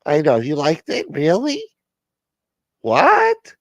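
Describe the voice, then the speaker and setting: A man's voice: a little high, wildly swooping pitch, takes it slowly, gravelly, no echo, pitched above the performer's own voice, full character voice. A man doing a touchy mob boss's son. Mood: indignant. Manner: touchy, defensive, exclaiming.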